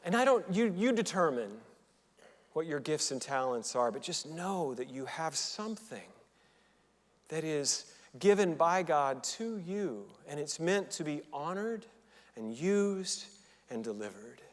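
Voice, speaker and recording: A man's voice: a little high, big pitch swings, measured pace, long reverb tail. A male minister giving a conversational, joking sermon, often restarting his sentences. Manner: chatty, joking, with frequent restarts. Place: church sanctuary.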